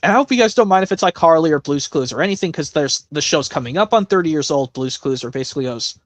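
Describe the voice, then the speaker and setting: A man hosting a casual impressions stream, rambling with restarts and quick bursts of talk. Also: a little high, animated, dry recording. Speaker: stream host doing voice impressions.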